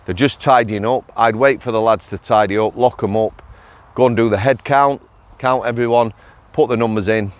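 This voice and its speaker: A man's voice: mid-range voice, fairly even intonation, normal speed. A man telling a workplace story in a casual, chatty monologue, often laughing and asking "yeah?". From England. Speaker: former prison officer vlogger.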